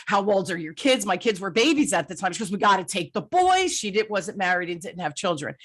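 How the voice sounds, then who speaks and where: A woman's voice: on the low side, animated, fairly quick, few pauses, fairly bright tone. A middle-aged woman hosting an interview podcast, telling an anecdote in a chatty, emphatic way. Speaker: podcast host. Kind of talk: conversational interview.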